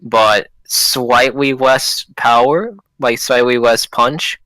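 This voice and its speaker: A man narrating as game master of a tabletop role-play, in a relaxed, rambling way. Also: medium pitch, slow, no room sound, low-quality recording.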